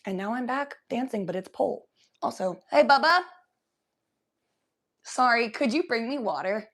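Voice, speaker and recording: A young woman hosting a casual livestream from her room at home, talking loosely, high and coughing from smoke. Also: expressive, moderate pace, a bit bright. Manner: loose, chatty, often coughing between lines. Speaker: livestream host. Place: home bedroom.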